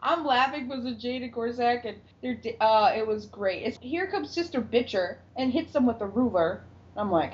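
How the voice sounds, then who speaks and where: Animated and on the high side, this woman talks at a moderate pace with few breaks while recapping a TV episode for a podcast. She performs the characters' dialogue and laughs a lot in this casual chat, and the audio sounds dull and lo-fi.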